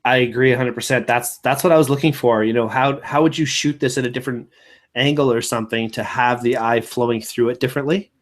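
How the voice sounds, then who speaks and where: A man hosting a live online photo show in casual, upbeat, encouraging chat, quick to laugh. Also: mid-range voice, steady tone.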